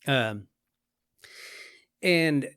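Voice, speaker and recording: A man's voice: mid-range voice, lively intonation, very slow, a bit bright, clean tone, dry recording. A man with a mid-range voice tells a story on a podcast in a loose, rambling way, full of "like" and "you know" and casual swearing. His voice is recorded close and dry. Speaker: podcast guest.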